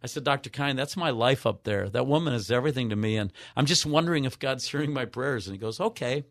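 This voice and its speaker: A man of mature years, a radio show guest, earnestly telling a personal story with halting restarts. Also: mid-range voice, lively intonation, fairly bright tone, no echo. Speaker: guest, author.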